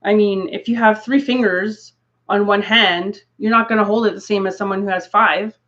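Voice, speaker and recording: A woman's voice: mid-range voice, fairly even intonation, normal speed, a bit bright. A woman chatting casually to viewers on a craft livestream, rambling through asides and laughing often. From Canada. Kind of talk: casual live chat. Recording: dull lo-fi stream audio.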